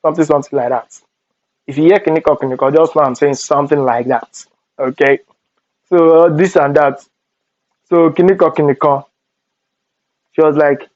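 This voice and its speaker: A young man with a Nigerian accent telling animated stories in a storytime vlog, slipping into Pidgin asides. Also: a little high, moderate pace, pauses often, no echo, muffled recording. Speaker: vlogger.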